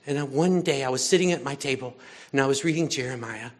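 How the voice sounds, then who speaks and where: An older man preaching in a chatty, animated storytelling way, swinging between loud moments and hushed ones. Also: mid-range voice, fast talker. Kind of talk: conversational sermon with storytelling.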